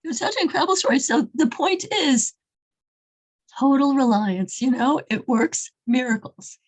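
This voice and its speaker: A woman telling a faith story in a casual, lively way, her voice high and sweeping up and down as she goes. She stumbles and restarts phrases often, keeping it informal and warm in pace. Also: normal speed, low-quality recording.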